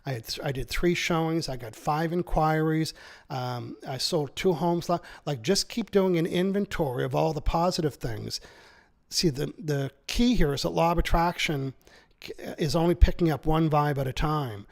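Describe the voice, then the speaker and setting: A man who is an author and seminar speaker, explaining his ideas in an interview with energetic, persuasive delivery and acted-out quotes. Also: a little high, moderate pace, creaky. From Canada.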